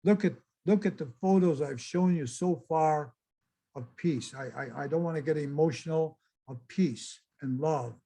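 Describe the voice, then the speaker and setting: A man's voice: fairly high pitch, unhurried, dark tone. An older man giving a casual, chatty slideshow talk and exclaiming to his audience as presenter. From United States.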